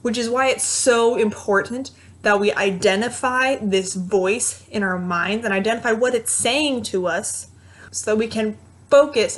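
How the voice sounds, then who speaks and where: A woman's voice: mid-range voice, fairly bright tone. A young woman coaching mothers in an earnest, encouraging motivational talk to camera.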